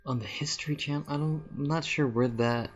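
A man's voice: on the high side, steady tone, fairly quick. A man casually chatting and joking as a podcast co-host.

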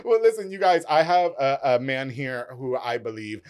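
A man hosting a podcast, rattling off sponsor shout-outs and chatting casually in a rapid, animated way. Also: medium pitch, smooth. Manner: rapid, animated, auctioneer-like delivery. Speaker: podcast host.

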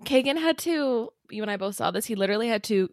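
A woman's voice: a little high, animated, fast, no room sound, studio quality. A woman co-hosting a podcast, chiming in with short reactions and mock-shocked asides. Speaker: podcast co-host. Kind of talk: casual chat.

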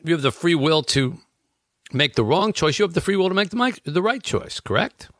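A guy chatting thoughtfully about his book, lively up-and-down pitch, dry sound. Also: brisk, dry recording. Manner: earnest, explains with everyday examples. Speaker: author discussing his book. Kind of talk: reflective conversation.

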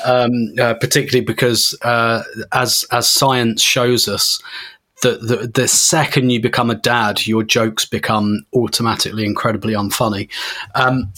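A man as a podcast guest, talking at length in a loose, animated way with small laughs. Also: medium pitch, normal speed. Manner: rambling, animated, laughs as he talks. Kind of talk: casual podcast chat.

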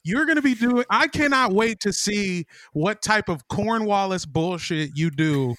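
A man with a high, bright voice trades teasing, profane jabs with his podcast co-hosts. The sound is dry and close. His talk is loose and casual. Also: expressive, unhurried, dry recording. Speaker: podcast co-host. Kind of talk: casual chat.

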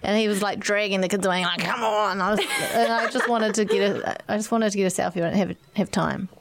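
A woman with a New Zealand accent, co-hosting a podcast and telling stories in an animated, chatty way. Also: medium pitch, fast, background noise. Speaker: podcast co-host. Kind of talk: casual chat.

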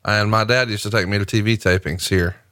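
A man's voice: fairly low pitch, steady tone, brisk, a bit bright, no echo, clean studio sound. A man in his forties co-hosting a casual podcast, cracking profane jokes. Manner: wisecracking, profane. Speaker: podcast co-host. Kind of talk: casual watch-along chat.

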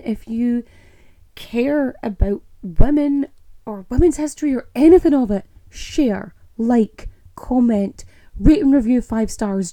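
Fiery ranting Irish woman, dark voice. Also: high-pitched, no echo. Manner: fiery, indignant, sarcastic. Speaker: podcaster. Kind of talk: impassioned ranting monologue.

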